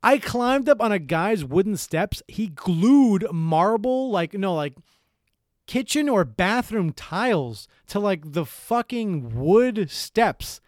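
A man's voice: high-pitched, animated, slow pace, no echo, clean studio sound. Young man telling a rambling story, swearing. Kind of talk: casual chat.

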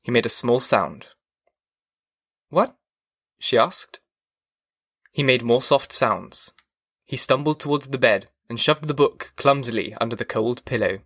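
Brief: male audiobook narrator, mid pitch, measured, dry close sound. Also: a bit bright, no echo. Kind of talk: scripted narration.

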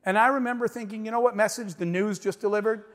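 A middle-aged man gives an inspirational stage talk, telling his story with emphasis and turning often to address the crowd. His voice sits high for a man. Long reverb trails each line, as in a big hall. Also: fairly even intonation, fast. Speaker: motivational speaker.

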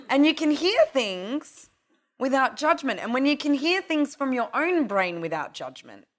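A middle-aged woman teaching tantra in a casual, profane, animated way, acting out little voices as she talks. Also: sits high. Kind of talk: casual spiritual talk.

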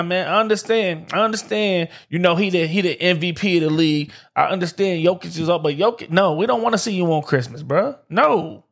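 Animated slangy man hosting a podcast. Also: high voice, creaky. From Detroit, USA. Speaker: podcast host. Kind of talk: casual solo sports talk. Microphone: streamed live on camera.

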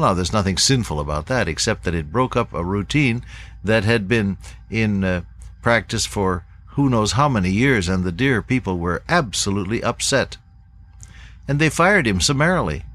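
An older man preaching a sermon to pastors in a folksy, unhurried way, with many pauses and uh's. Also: fairly low pitch, fairly bright tone.

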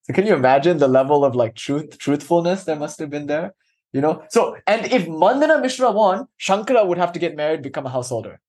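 A man's voice: a little high, expressive, quick pace, a little mellow. A man teaching a class, telling a story in a casual, filler-heavy way.

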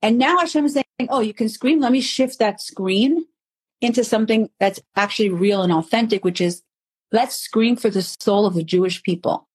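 A woman guest on a podcast, talking in an emphatic, animated storytelling way about faith. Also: fairly high pitch, moderate pace, slightly rough, dry recording, low-quality recording. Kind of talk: passionate podcast conversation.

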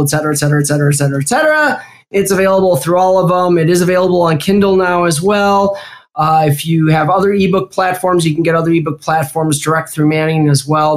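A woman with a Midwestern American accent, chatting casually as an interview guest, quick and rambling with fillers. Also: low-pitched, darkish tone. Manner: chatty, talks in bursts with fillers. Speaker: guest, security executive.

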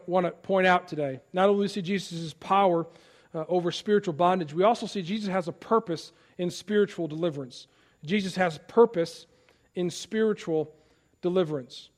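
Male pastor, high-pitched, emphatic sermon delivery, restarts and repeats words.

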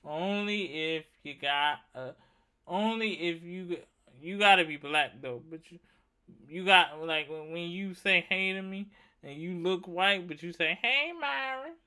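A man's voice: high voice, unhurried, sharp tone, clean tone. A young man doing stand-up comedy, telling rambling, profane stories and repeating his punchlines.

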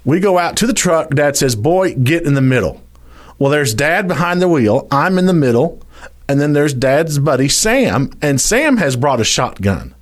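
A man with a Louisiana accent spins a dramatic tale in a folksy, chatty way. His voice is somewhat high for a man and swings widely in pitch as he builds the story. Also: big pitch swings, normal speed. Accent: Louisiana Southern US. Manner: folksy, dramatic, addresses listeners as y'all. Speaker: storyteller guest. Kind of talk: animated storytelling.

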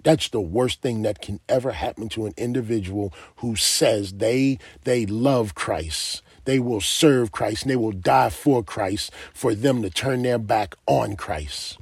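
Slow, husky-voiced male preacher. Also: on the low side, no echo. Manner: emphatic, asks the listeners direct questions. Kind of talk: sermon.

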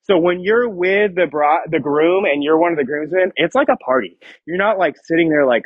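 High, husky young youth pastor. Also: male voice, moderate pace, dry recording. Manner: playful, joking with students, reads scripture aloud. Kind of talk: youth sermon. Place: church youth room. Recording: dull lo-fi sound.

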